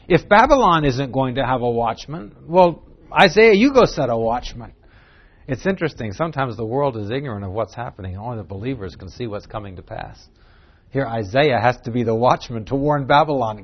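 A man teaching a Bible class, explaining the text and moving between low asides and a louder reading voice. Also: lively intonation, moderate pace, slightly rough. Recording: dull lo-fi recording.

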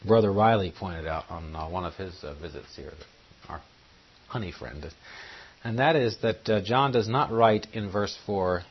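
A man's voice: low-pitched, normal speed, slightly rough. A man preaching a Bible-study sermon, teaching and putting questions to his listeners. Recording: muffled lo-fi recording.

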